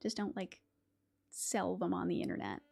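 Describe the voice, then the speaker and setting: A woman's voice: lowish voice, little pitch movement, normal speed, vocal fry, a little mellow, breathy edge. A woman from West Virginia hosting a casual livestream, chatting, laughing often and reading poetry aloud. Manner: chatty, laughs often, many fillers and restarts. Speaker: YouTube host.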